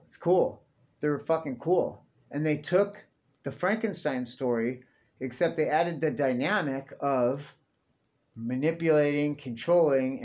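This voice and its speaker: A man's voice: medium pitch, darkish tone. A young man ranting casually to camera, profane and rambling, tacking "dude" onto everything. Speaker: vlogger.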